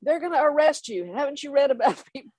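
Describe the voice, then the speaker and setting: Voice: sits high, animated, fast talker, darkish tone, dry recording, voice pushed up. An older storyteller voicing an exasperated older male colonel who scolds. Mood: scolding. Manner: incredulous, scolding.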